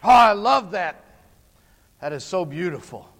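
A man preaching a sermon, swinging from hushed passages to shouted climaxes. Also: high voice, lively intonation, measured pace. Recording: long hall reverb.

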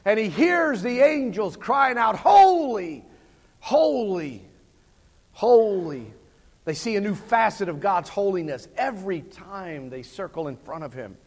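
Guy preaching in a big echoey church, goes quiet then shouts, higher voice. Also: animated, moderate pace, few pauses. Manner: swings from hushed to shouting climaxes. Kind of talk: sermon. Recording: long hall reverb.

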